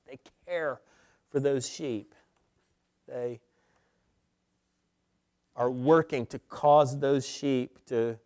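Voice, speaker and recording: A man preaching a sermon as pastor, teaching deliberately and stressing key words with pauses. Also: medium pitch, a little mellow, smooth.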